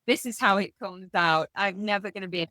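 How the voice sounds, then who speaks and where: A Yorkshire woman hosts a casual fashion podcast. She agrees readily and speaks with bright enthusiasm. Her voice sits at a middle pitch, recorded dry and close. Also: a little fast, dry recording. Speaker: podcast host.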